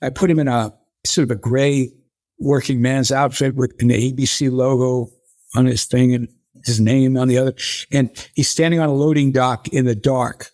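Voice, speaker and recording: An older man, a guest in an interview, telling animated stories and acting out the people he quotes. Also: medium pitch, normal speed, no echo, clean studio sound. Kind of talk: conversational interview storytelling.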